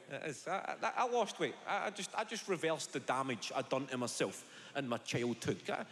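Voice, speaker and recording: A young Scottish man performing a brash, sweary stand-up routine, telling stories on a theatre stage into a handheld mic. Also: on the high side. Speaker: stand-up comedian. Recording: roomy venue, loud audience laughter.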